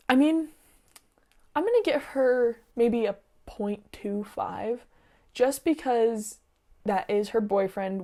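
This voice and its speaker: A woman's voice: mid-range voice, mellow. A young woman casually reading online stories aloud and giving her opinions on them. She talks in a chatty, opinionated way with lots of "like" and "um", and she gets sidetracked easily.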